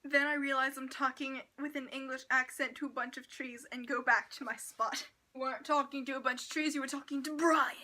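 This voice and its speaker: Bright, high-voiced excitable young woman. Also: a little fast, slight background noise. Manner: gushing and excitable, with whispered asides. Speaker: book vlogger. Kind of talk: casual book review chat.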